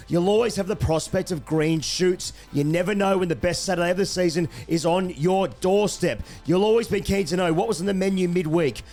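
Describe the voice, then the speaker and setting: A man co-hosting a sports podcast, reading a wry scripted intro and then chatting casually. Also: high voice. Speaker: co-host.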